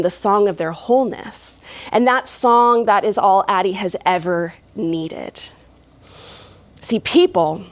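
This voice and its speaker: A woman's voice: mid-range voice, no room sound. A woman performing a live oral fairy tale for an audience, playful and chuckling, with folksy asides. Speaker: storyteller. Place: live stage before an audience.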